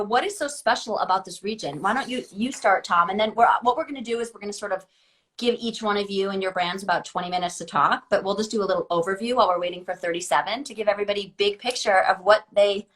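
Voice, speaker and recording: A woman's voice: mid-range voice, fairly bright tone. A woman from Chicago hosting a live online wine tasting from her home kitchen over a video call, chatty and upbeat, talking through the setup as she goes. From Chicago area. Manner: chatty, upbeat, thinks aloud through logistics. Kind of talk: casual live-stream chat.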